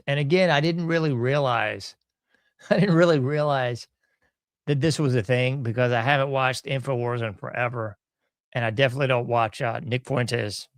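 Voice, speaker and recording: A man's voice: mid-range voice, no echo, clean studio sound. A man hosting a podcast in casual commentary, folksy and sarcastic, often chuckling. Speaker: podcast host.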